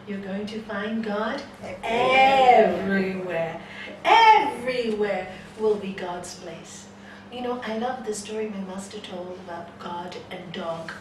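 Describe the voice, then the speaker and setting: A woman yoga teacher giving a spiritual talk, telling a story and acting out the voices in it. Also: mid-range voice. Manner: animated storyteller, acts out the voices in her story. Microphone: distant room mic. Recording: echoey hall from far off, noisy ambience.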